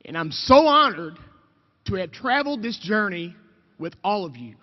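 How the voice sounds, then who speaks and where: Man, high voice, emotional rally speech, long reverb, muffled lo-fi sound. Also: big pitch swings, normal speed. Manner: fervent, emotional, shouting over the crowd. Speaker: state representative. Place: outdoor rally, large reverberant space.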